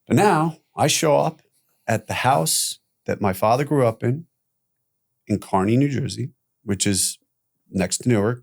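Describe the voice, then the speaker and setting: A middle-aged man telling his own story as a podcast guest, candid and animated, swearing freely. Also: fairly low pitch, creaky.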